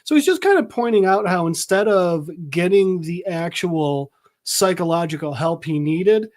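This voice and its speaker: A man's voice: sits high, animated, normal speed, darkish tone. A man hosting a podcast, recapping a comic in a casual, rambling way with lots of fillers. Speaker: podcast host.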